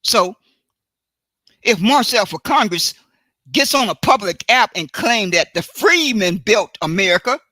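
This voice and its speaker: Slow, bright-voiced woman hosting a live stream. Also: medium pitch, expressive, no room sound. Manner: deliberate, repeats and corrects herself, pointed and emphatic. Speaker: livestream host. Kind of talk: solo live commentary. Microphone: computer mic for a live stream.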